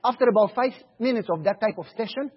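A man preaching a sermon, telling stories in an animated way and acting out the dialogue. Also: sits high, quick pace, breathy edge, muffled recording. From Romania. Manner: animated storytelling, acts out dialogue.

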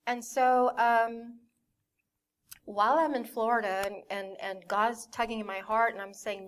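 A woman's voice: fairly high pitch, steady tone, a little slow. A young woman giving a personal testimony in a candid way, acting out her family's voices as she tells it. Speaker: church member giving a testimony.

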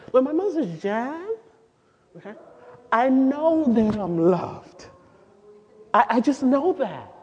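A woman giving a sermon-style teaching to a group of women, lively and asking the audience questions. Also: mid-range voice, breathy edge. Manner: animated, asks the audience questions, sings out quoted lines. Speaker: speaker at a women's gathering. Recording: dull lo-fi recording with long hall reverb.

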